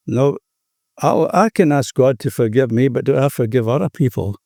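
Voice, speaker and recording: A man's voice: medium pitch, lively intonation, brisk, vocal fry, dark tone, dry recording, clean studio sound. An older Australian man sharing his recovery story at a meeting, earnest and rambling, often saying "you know".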